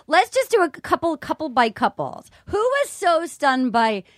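A fairly high-voiced woman hosts a casual podcast chat, rambling through gossip with lots of restarts and asides. The sound is close and dry, with no room around it. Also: measured pace, no echo. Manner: rambling, animated, many restarts.

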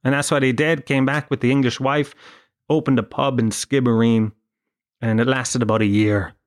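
A man's voice: mid-range voice, fairly even intonation, moderate pace. An Irish man hosting a podcast, telling a rambling comic story full of swearing and self-mockery. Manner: profane, self-mocking storyteller. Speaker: podcast host.

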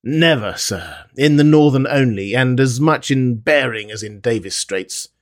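A man's voice: mid-range voice, a little slow, lightly acted. A man reading the part of a hot-tempered Canadian harpooner, eager and restless in an audiobook. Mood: earnest.

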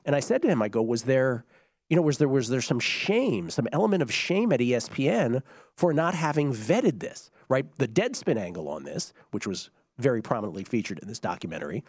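A man co-hosting a casual sports chat, voice hoarse and giving out, talking in a conversational way and explaining background. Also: medium pitch, sing-song, brisk, darkish tone, no room sound, clean studio sound. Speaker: podcast co-host.

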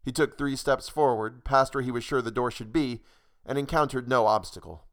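A man narrating a short story in a measured, dry reading voice. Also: medium pitch.

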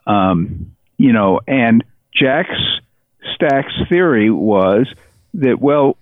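A man talks through his ideas as a podcast guest, pausing and restarting as he searches for the words. His voice comes over a tinny, phone-like connection. The sound is dry and close, with no room echo. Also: mid-range voice, lively intonation. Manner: thoughtful, halting, many restarts. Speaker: author, interview guest. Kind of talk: podcast interview.

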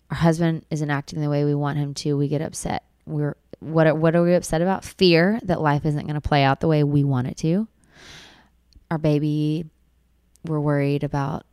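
Young mom talking straight to camera, earnest, repeats stuff for emphasis, smooth voice. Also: female voice, sits low, mellow, no echo, clean studio sound. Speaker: vlogger mom. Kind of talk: heartfelt personal vlog talk.

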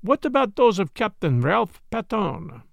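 A man's voice: high voice, very animated, unhurried, vocal fry, no echo, studio quality, pitched above the performer's own voice, heavily acted. A man voicing a fussy, polite retired foreign detective with formal, precise phrasing in an audiobook. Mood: courteous.

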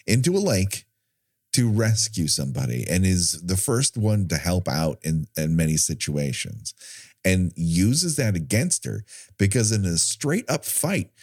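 A man's voice: low voice, a little slow, dry recording, studio quality. A man from California co-hosting a casual movie commentary podcast, joking and sarcastic. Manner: joking, animated, sarcastic asides. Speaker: podcast co-host.

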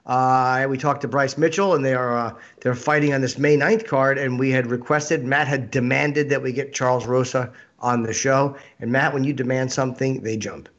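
A man's voice: medium pitch, steady tone, normal speed, hardly any pauses, a bit bright, lo-fi sound. A man who is a comedian hosting a talk show, chatting casually with dry, agreeable asides. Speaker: podcast host and comedian. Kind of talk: casual chat.

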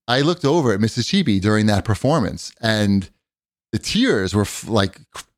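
A man telling a meandering, profane story, his pitch rising and falling with lively swings. The sound is dry and close, with no room around it. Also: no room sound. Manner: rambling, profane storytelling with many fillers. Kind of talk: casual chat.

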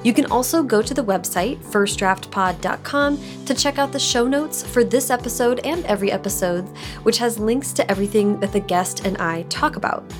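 A woman's voice: fairly high pitch, moderate pace, music in the background. A woman hosting a podcast, reading the intro and chatting eagerly with her guest. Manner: enthusiastic, chatty. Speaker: podcast host.

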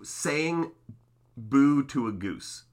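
A man's voice: mid-range voice, animated, extremely slow, a little mellow. A man from Oakland, California, with a Northern Californian accent, co-hosting a podcast in casual chat, playful and teasing. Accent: Northern Californian American. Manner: playful, teasing, with many fillers. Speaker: podcast co-host.

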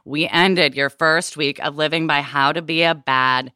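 Bright, clear-voiced woman, slow and playful. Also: low voice, fairly even intonation, no echo, studio quality. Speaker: podcast co-host. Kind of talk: casual chat.

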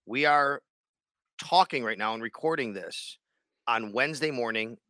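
A man's voice: medium pitch, normal speed, sharp tone, no echo, clean studio sound. A man co-hosting a sports podcast in casual chat, rambling and restarting his sentences. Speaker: radio sports show co-host.

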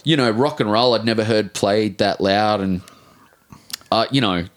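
An Australian man in his forties, an author telling a rambling, animated story in a casual interview, swearing casually and restarting his sentences often. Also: lowish voice, normal speed. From Brisbane, Australia. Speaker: author guest.

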